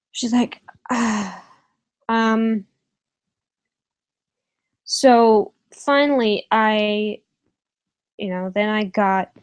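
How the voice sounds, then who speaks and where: Young female vlogger, casual storytime straight to camera, slightly higher voice, candid and profane. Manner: candid and animated, with frequent swearing and fillers.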